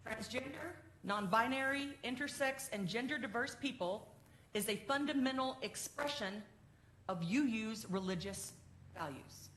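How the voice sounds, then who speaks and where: A woman minister giving an animated, heartfelt address to her congregation and quizzing them along the way. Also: fairly high pitch, a little hiss or hum. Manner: animated, quizzes the congregation, grows tender and emotional. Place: church sanctuary. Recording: echoey sanctuary.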